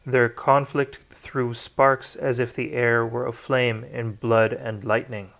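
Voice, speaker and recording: A man's voice: mid-range voice, flat delivery, takes it slowly, creaky, fairly bright tone. A man reading a novel aloud, unrehearsed, with occasional slips and restarts. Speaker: audiobook narrator. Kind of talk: unrehearsed read-aloud narration.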